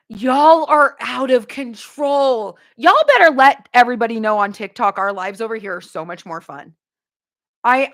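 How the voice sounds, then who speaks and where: A woman, hosting a casual livestream and joking with her viewers in an animated way. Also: fairly high pitch. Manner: animated, joking, addresses chat as y'all. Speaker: livestream host.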